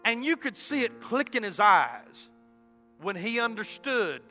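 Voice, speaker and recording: High bright-voiced preacher man. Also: very animated, a little slow, in a large hall, faint music behind. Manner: swings from loud exclaiming to hushed tones. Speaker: pastor. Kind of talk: sermon storytelling. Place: church sanctuary.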